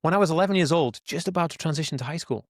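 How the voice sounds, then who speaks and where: Talking very fast in a fairly high voice, a Welsh interview guest in his forties, an autism advocate, casually narrates his life story. He's earnest and emphatic, rambling with repeated words, constant "like" and "right?", and calls his listeners guys. Studio-quality audio, no echo.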